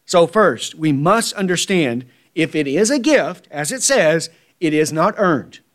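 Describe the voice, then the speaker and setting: Male preacher, high voice, emphatic and repetitive delivery, sermon style. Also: animated, measured pace. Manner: emphatic, repetitive, asks the congregation "right?".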